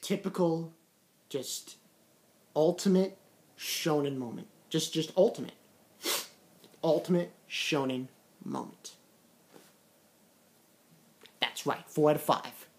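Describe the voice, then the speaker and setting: Low-voiced excitable woman reviewing comics. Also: slow pace, pauses often. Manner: excitable, repeats words, retells scenes in quoted voices. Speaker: manga chapter reviewer. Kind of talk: casual spoken comic chapter review.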